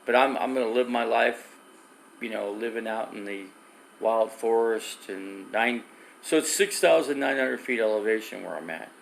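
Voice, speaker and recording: A man's voice: on the low side, moderate pace, vocal fry, slight background noise, poor audio. A middle-aged man live streaming from his phone, rambling through stories and reading viewer comments. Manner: rambling storyteller with restarts, reads viewer comments.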